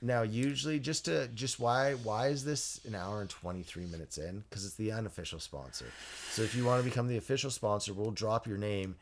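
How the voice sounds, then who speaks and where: A man co-hosting a podcast in casual chat, rambling and correcting himself as he goes, quick to laugh. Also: lowish voice, a little hiss or hum. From Canada. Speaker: podcast co-host.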